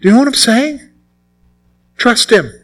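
A man's voice: very high voice, lively intonation, moderate pace. A man preaching a sermon as pastor, exhorting his listeners and driving points home by repeating them. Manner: exhorting, repetitive.

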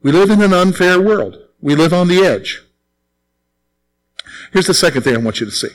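A middle-aged pastor preaches a sermon to his congregation in a conversational manner, repeating phrases and acting out quotes. His expressive voice sits high and moves at normal speed, on a rough recording.

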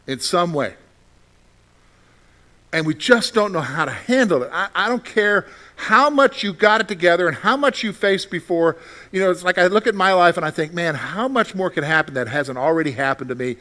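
A man preaching a sermon as pastor, acting out frantic prayers and then dropping to soft, reassuring words. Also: high voice.

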